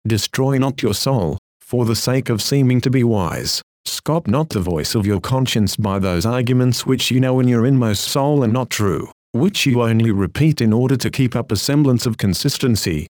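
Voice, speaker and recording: Guy reading an old sermon, earnest and pleading, mid-pitch voice, dead dry room. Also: darkish tone, no echo. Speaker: preacher.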